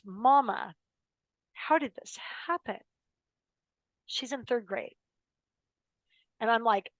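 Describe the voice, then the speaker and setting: A woman's voice: on the high side, no room sound, low-quality recording. An American woman in her fifties, a guest telling personal stories in an interview, emphatic and dramatic, acting out the quotes. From United States. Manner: emphatic, dramatic storyteller who acts out quotes. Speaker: podcast guest, lawyer.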